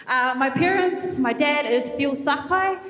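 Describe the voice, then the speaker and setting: Woman from New Zealand, high voice, candid emotional graduation speech, heavy fillers, echoey hall with long reverb. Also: slow pace, a bit bright. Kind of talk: personal speech at a ceremony.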